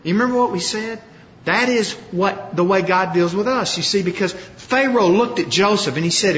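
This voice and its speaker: A man preaching a sermon, retelling a story with lively acted-out quotes. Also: high-pitched, moderate pace, a little hiss or hum. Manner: animated storytelling, acting out quoted lines. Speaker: pastor. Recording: roomy hall, dull lo-fi sound.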